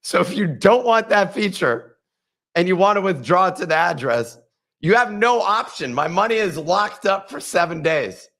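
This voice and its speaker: Podcast guy venting about stuff, bright forward voice, annoyed storytelling. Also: sits high, expressive, moderate pace. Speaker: podcast co-host. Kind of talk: casual podcast chat.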